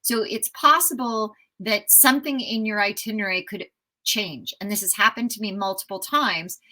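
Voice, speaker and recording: American woman in her 50s, bright voice, eager chatty storyteller on a podcast. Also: medium pitch, low-quality recording. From United States. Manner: enthusiastic, animated storyteller. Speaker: travel writer guest. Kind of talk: casual storytelling interview.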